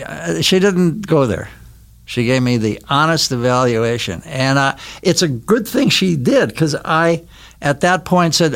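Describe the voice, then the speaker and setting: A man's voice: a little high, animated, normal speed, creaky, a bit bright. An older man from Wisconsin, a guest in a recording studio, telling stories in a rambling way with many restarts. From Milwaukee, Wisconsin. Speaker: guest, actor. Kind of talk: casual interview chat.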